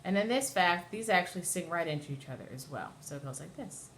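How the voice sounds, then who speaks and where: A woman's voice: fairly low pitch, expressive, fast, slight background noise. A woman cantor teaching a class on Torah chanting, explaining patiently and singing short chanted examples. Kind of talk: class lesson with sung examples.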